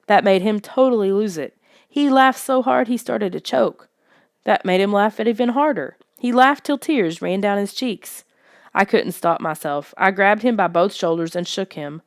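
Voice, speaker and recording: A woman reading a first-person story aloud in steady, even narration. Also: mid-range voice, normal speed, no echo, clean studio sound. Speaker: audiobook reader.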